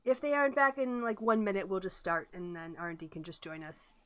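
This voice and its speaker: A woman running a tabletop game as game master, chatty and quick to laugh. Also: mid-range voice, expressive, a crowd in the background.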